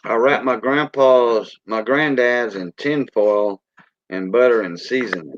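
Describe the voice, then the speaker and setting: A man with a Cajun accent chats casually on a livestream, rambling in a folksy way and calling out viewers by name. His voice sits at a middle pitch. The sound is dull and lo-fi, with a dry, close feel. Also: unhurried, no echo. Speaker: livestream host.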